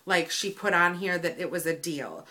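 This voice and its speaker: A woman's voice: lowish voice, normal speed. A woman vlogger telling a story in a casual, exasperated rant, acting out both sides of the conversation. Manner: animated, exasperated retelling with quoted dialogue.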